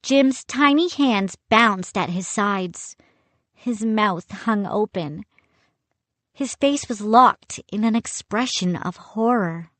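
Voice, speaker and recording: A woman narrating a spooky children's audiobook in an expressive, dramatic first-person reading. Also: medium pitch, takes it slowly, no room sound. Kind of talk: scripted storybook narration.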